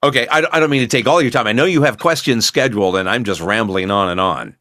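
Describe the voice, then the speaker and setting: A man's voice: mid-range voice, fast, pushed and bright, dry recording, clean studio sound. A laid-back man, a voice actor, telling long rambling stories in a casual interview over a video call. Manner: laid-back rambling storyteller, acts out quoted lines. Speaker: voice actor guest. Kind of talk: casual storytelling chat.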